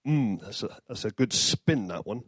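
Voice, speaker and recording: A man's voice: on the low side, lively intonation, normal speed, husky, no room sound. A man giving an informal sermon, mixing scripture with jokey asides and self-deprecating humor. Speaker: preacher.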